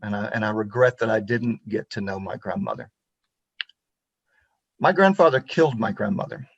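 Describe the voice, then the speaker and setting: A man's voice: lowish voice, lively intonation, moderate pace, gravelly, breathy edge, dry recording, dull audio. A man in his fifties from Pensacola, Florida, giving a local history talk over a video call in an earnest, reflective storytelling way. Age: 50s. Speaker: guest speaker on local history. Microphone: computer mic on a video call.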